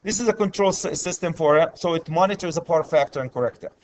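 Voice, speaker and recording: An electrical instructor gives a classroom lecture in a fast, high-leaning voice with lively intonation and a darkish tone, over a little hiss or hum. He's repetitive, frequently stopping to check in with students and ask for questions.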